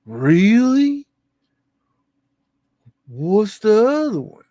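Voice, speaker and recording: A gullible, wide-eyed man peppers someone with puzzled questions, as a man puts him on. He speaks higher than the host's own voice, with a gravelly edge. The sound is close and dry. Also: big pitch swings, normal speed, mellow, no echo, lo-fi sound. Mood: eager. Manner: bewildered, eager questioning. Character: naive man who keeps asking questions.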